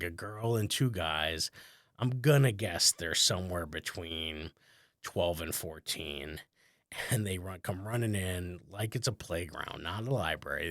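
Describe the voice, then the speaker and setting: A man with a very low voice spins a loose, rambling story in relaxed podcast chat. He fills his sentences with "like", chuckles as he goes, and pokes fun at himself. The sound is close and dry, with no room echo. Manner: rambling, conversational, many "like" fillers, chuckles often. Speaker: comedian and podcast host.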